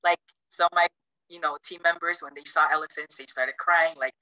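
A woman's voice: fairly quick, no echo, poor audio. A woman from Chuuk in Micronesia, telling a travel story in a casual way on a video call. She acts out the quotes with big jumps in her voice and uses a lot of "like". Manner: animated, acts out quotes with big pitch jumps, many "like" fillers.

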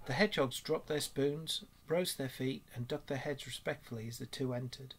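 A man reading a classic children's story aloud, his voice husky and slightly breathy. He reads in a steady, expressive way at a middling pitch. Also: a little fast. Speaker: story reader.

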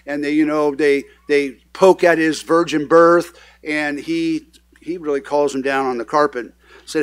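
A man's voice: a little high, fairly bright tone. A male pastor reading scripture and preaching a conversational sermon with fillers and restarts. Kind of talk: sermon, Bible reading with commentary. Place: church sanctuary.

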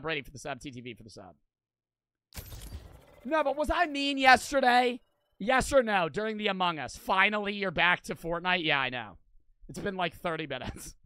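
A man in his twenties talks to his stream in a loose, rambling way, swearing freely and leaning on "like". His voice sits high and bright. It is recorded close and dry, with no room sound. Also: clear, resonant tone, no room sound. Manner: rambling, swears a lot, fills with "like". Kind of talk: casual stream chat.

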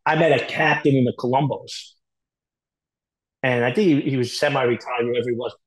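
This man's mid-range voice keeps a fairly even intonation, though the recording is rough. As a podcast guest in a candid storytelling interview, he speaks fast, bluntly and profanely, with plenty of fillers.

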